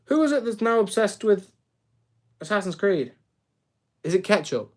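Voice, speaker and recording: A man's voice: high voice, very animated, moderate pace, a little mellow. A young man chatting casually on a live stream while he builds, rambling, reacting to chat and tripping over his words.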